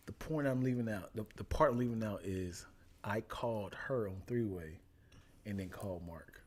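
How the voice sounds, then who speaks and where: A young man telling stories in casual chat, animated, often jumping into high voices for people in his stories. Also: moderate pace, husky. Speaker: podcast guest telling stories.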